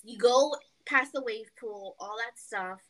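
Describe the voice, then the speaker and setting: Bright-voiced young woman telling a story. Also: on the high side, unhurried, poor audio. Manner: animated storytelling, acts out quotes, peppered with "like". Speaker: podcast co-host. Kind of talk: casual chat.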